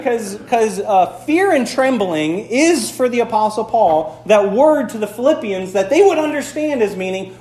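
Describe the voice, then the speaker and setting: A man's voice: sits high, expressive, moderate pace, a little mellow, echoey room, slight background noise. A man from the Upper Peninsula of Michigan, preaching a conversational sermon with playful asides, recorded in a church. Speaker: pastor.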